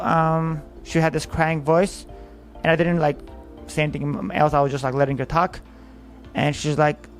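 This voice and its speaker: A man's voice: fairly high pitch, level tone, measured pace, faint music behind. Rambling man telling a dating story. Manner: rambling, lots of "like" fillers, acts out quotes. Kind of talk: casual storytelling monologue.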